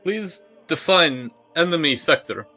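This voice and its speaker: A man's voice: a little high, animated, unhurried, pushed and bright, soft background music. A man playing a tabletop game, asking in-character questions in a hesitant, casual way. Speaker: player.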